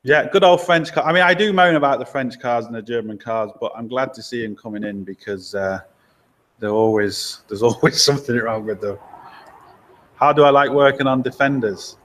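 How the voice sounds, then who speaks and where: A man runs a casual live stream from his garage. He reads out viewer questions and answers in an easygoing, chatty way, laughing often and giving blunt opinions. His voice sits at an ordinary middle pitch. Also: normal speed, fairly bright tone. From Lincoln, England. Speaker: garage owner and mechanic.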